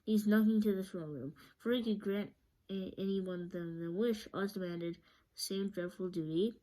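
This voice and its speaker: A woman reading a children's book aloud, steady but often stumbling and restarting. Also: mid-range voice, normal speed, rough recording. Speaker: storyteller.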